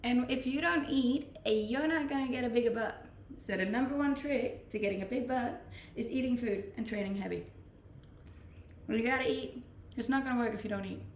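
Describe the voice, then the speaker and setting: A woman's voice: a little high, a little fast, slight background noise. A young woman from Scandinavia with a Scandinavian accent, chatting playfully with her viewers as a streamer and laughing often. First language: Scandinavian language. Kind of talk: casual chat reading out viewer messages. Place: Australia, Gold Coast. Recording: echoey room.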